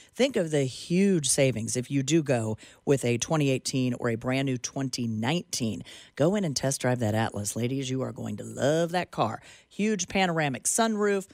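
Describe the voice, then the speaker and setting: A woman's voice: rumbling low, no echo, clean studio sound. A woman co-hosting a talk radio show, chatty and emphatic, who also reads ads. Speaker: radio co-host. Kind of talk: talk radio chat and live read ads.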